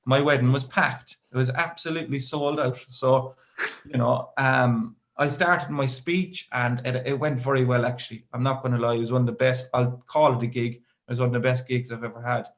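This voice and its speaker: A man's voice: medium pitch, fairly even intonation, brisk. An Irish man in his thirties doing a stand-up comedy set, rambling through stories with dry asides.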